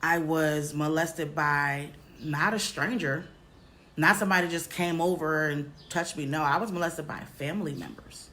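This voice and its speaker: A woman vlogger telling a personal story straight to her viewers, halting often and repeating herself. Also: sits low, fairly bright tone. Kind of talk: candid personal storytelling to camera.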